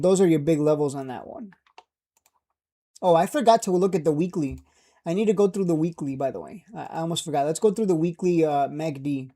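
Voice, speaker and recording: Man, market streamer. Brash, joking, dark tone. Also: on the high side. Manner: brash, joking, laughs at own jabs. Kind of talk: casual market commentary.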